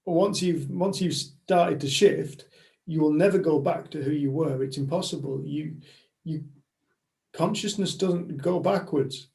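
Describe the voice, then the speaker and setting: A man speaks in a casual group chat in a reflective, affirming way. His voice is mellow, with a gravelly fry. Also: a little high, unhurried. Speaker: community group member.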